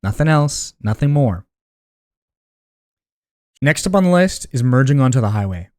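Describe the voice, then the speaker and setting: A man's voice: mid-range voice, big pitch swings, moderate pace, a little mellow. A young man in casual commentary to camera, ranking driving habits in an exasperated, slangy way and calling viewers buddy and dude.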